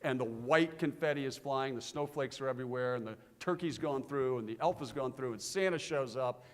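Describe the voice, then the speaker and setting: A man's voice: mid-range voice, brisk. A middle-aged man speaking from a conference stage and giving an earnest tribute speech, telling an anecdote with growing animation. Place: conference stage in a large hall. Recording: reverberant hall.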